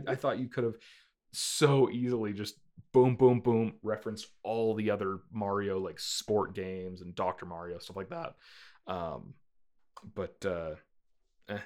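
A man's voice: steady tone, a little slow, a little mellow. Rambling man chatting about a movie. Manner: rambling, filler-heavy, playfully mimics characters in squeaky voices. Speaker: podcast co-host reviewing a movie. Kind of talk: casual chat.

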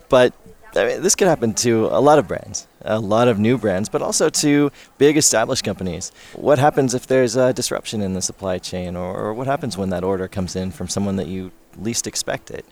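A man's voice: lowish voice, lively intonation, moderate pace, darkish tone. A man co-hosting a business radio show, thoughtfully raising questions in conversation. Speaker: podcast co-host.

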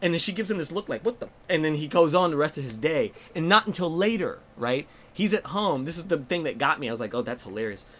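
A male guest chatting on a podcast with a fairly high voice. He is an animated storyteller who slips into the voices of the people he quotes. A faint noise hums under the talk. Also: fast talker, hardly any pauses. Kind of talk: casual conversation.

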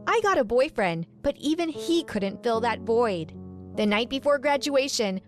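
High-voiced woman narrating a drama. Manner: dramatic, resentful retelling. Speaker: podcast storyteller. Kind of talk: first-person story narration.

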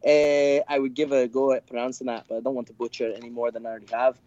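A man's voice: medium pitch, little pitch movement, fast, dark tone, dry recording, lightly acted. A man voicing a rambling male nightclub bouncer in a put-on Scottish accent. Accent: mock Scottish. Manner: rambling, self-amused. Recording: dry, muffled lo-fi audio.

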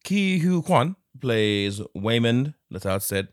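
A man's voice: mid-range voice, very animated, takes it slowly, dry recording, clean studio sound. A man co-hosting a casual movie review podcast, talking in a rambling, jokey way and laughing often. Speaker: podcast co-host.

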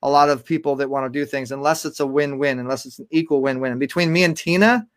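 A man's voice: medium pitch, steady tone, fast. A man speaking as a guest on a live stream, enthusiastic and repeating words as he goes. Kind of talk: casual live-stream talk.

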